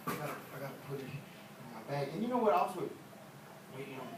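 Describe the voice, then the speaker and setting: A man's voice: mid-range voice, animated, quick pace. Echoey distant preaching man. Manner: conversational, joking, repetitive preaching. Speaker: evangelist. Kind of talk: sermon. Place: church sanctuary. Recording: echoey church from far off with background noise.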